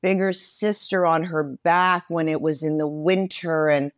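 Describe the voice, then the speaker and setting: A woman in her sixties, an actress giving an interview answer, speaking haltingly with hesitant pauses. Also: low-pitched, steady tone, no room sound, studio quality. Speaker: actress guest.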